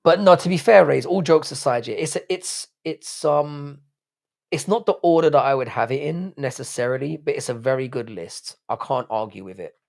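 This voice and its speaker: A man hosts a casual live stream, reading comments from chat and firing back with laddish, foul-mouthed banter. His throat is strained and wearing out, and his voice sits at an ordinary middle pitch. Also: normal speed, gravelly. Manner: laddish banter, swearing freely. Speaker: livestream host reading chat.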